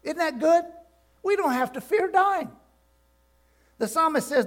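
An older man preaching a sermon to his congregation, swinging from quiet to loud and calling out questions for them to answer. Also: extremely high pitch, expressive, a little slow. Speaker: pastor. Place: church sanctuary.

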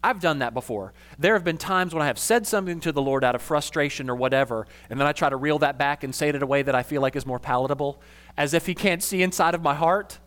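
A man preaching a conversational sermon as a pastor, casual and animated, with slangy asides. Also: on the high side, quick pace.

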